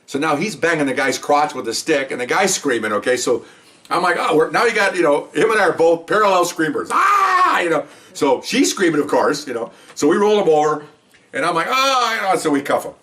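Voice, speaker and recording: A man's voice: a little high, expressive, brisk, a bit bright, recorded from a distance. An older man, a retired police officer, telling a story in a casual, rambling way and often checking in with "okay?". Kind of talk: casual spoken anecdote.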